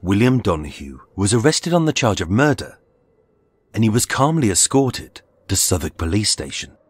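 Husky, low-voiced male true-crime narrator; dramatic, lively pitch, measured scripted delivery. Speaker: podcast narrator. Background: faint music.

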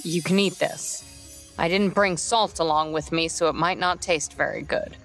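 A stoic young eagle beastman in a storybook tale, as a woman narrator puts him on. He talks quietly and tersely, a touch lower than the narration, with a soft, even delivery. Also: normal speed, soft background music. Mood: calm.

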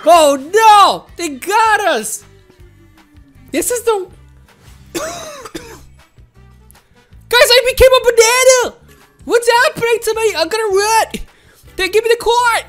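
Woman doing let's play commentary, very high bouncy voice, slow excited exclaiming. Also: faint music behind. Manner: excitable, exclaiming, talks to viewers as "guys". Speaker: gaming channel host.

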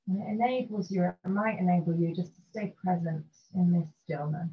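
A woman teaching a restorative yoga session, guiding gently and calmly through poses and breathing. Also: lowish voice. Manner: gentle, slow and soothing guidance. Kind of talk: guided restorative yoga instruction. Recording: dull lo-fi recording with faint noise.

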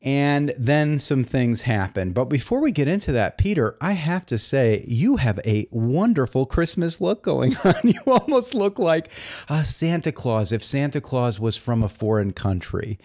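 A man hosts a satirical comedy show in a mock-earnest, deadpan monologue. His pitch bounces around a lot, and he rambles from one point to the next.

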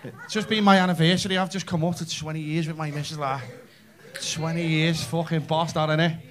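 A man's voice: on the high side, fairly even intonation, fairly quick. A man doing a brash, sweary stand-up comedy set and addressing the crowd in a club. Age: 30s. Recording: live club audience laughter. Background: audience laughing and cheering.

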